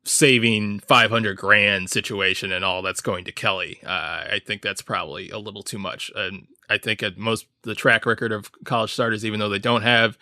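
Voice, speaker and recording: Bright-voiced man giving sports analysis. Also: fairly low pitch, steady tone, no echo, clean studio sound. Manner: measured analysis with fillers. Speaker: baseball reporter guest. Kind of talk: casual sports chat.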